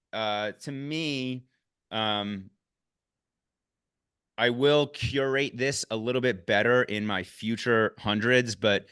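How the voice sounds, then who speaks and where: Excitable man recapping an ultra race. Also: clear, resonant tone, dry recording, studio quality. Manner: excitable, swears, bursts up in pitch when excited. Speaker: podcast host recapping a race. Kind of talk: casual chat.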